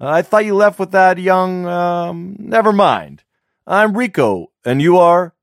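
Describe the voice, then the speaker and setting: A man's voice: sits high, lively intonation, slow pace, no echo, studio quality, voice pushed up, exaggerated voice. Man doing an eager, chatty young guy.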